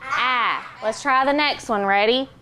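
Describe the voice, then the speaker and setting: A young woman teaching a phonics lesson in a classroom, patient and encouraging, sounding out words slowly. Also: sits high, background noise.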